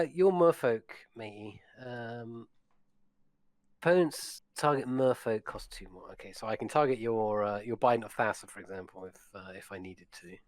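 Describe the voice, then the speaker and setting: A man's voice: medium pitch, darkish tone, no echo. A man chatting casually as a regular player, mild-mannered and thinking aloud through his moves. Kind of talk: casual gaming chat.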